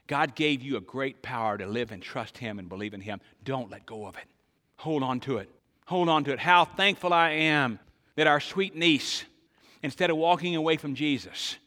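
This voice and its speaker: An older male pastor delivers a sermon with a bright, forceful voice. He asks the congregation questions and swings between loud emphasis and quiet, hushed lines. The sound rings with a long reverb, like a large sanctuary. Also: mid-range voice.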